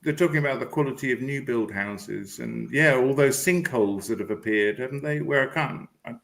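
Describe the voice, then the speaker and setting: A man's voice: medium pitch, fairly quick, gravelly, fairly bright tone, rough recording. A man chatting on a video call, telling stories about himself and laughing as he goes. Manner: storytelling, self-mocking, laughing. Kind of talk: casual chat on a video call.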